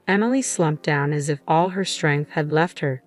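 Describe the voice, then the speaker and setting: Low-voiced woman narrating a story. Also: normal speed, faint music behind. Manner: calm, even reading. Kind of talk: scripted first-person story narration.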